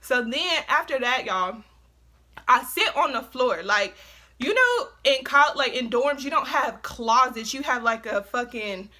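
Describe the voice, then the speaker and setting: A young woman telling an animated, slang-heavy casual storytime, full of fillers and swearing. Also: high-pitched, a little slow. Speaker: vlogger.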